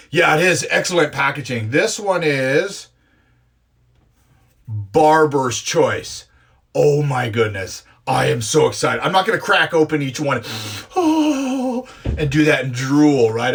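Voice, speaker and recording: A man in his forties chatting excitedly through an impromptu live unboxing, gushing and talking with many fillers. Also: on the high side. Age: 40s. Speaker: live streamer unboxing grooming products.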